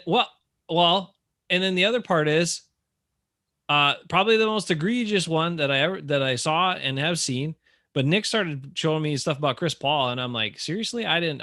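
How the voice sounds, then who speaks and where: A man co-hosting a casual sports podcast, ranting in an animated, exasperated way. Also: on the high side, brisk, dry recording, studio quality. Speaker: podcast co-host.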